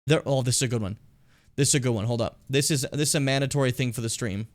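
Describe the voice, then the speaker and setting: A man streaming a game, chatting and rambling in a casual, animated way between game lines. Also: mid-range voice, fast talker, no echo, studio quality. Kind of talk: casual gameplay commentary.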